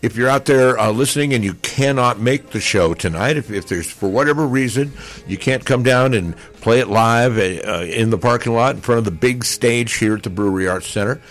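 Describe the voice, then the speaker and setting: A man's voice: mid-range voice, normal speed. A man in his sixties hosting a live radio pre-show from an outdoor concert, with upbeat, folksy announcer patter. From Nevada, United States. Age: 60s. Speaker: radio host. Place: outdoors at a parking lot concert stage.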